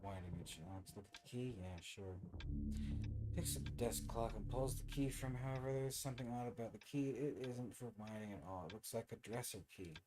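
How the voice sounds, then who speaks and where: A man's voice: mid-range voice, a little fast, rough recording. A tired man streaming a video game, reading bits aloud and making dry, sarcastic remarks while yawning. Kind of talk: casual let's-play commentary.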